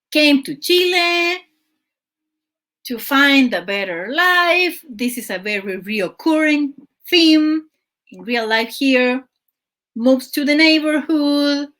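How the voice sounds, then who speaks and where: A woman hosting her show recaps a telenovela casually, chatty and exasperated, with plenty of fillers. Her voice sits high and has a fairly bright tone.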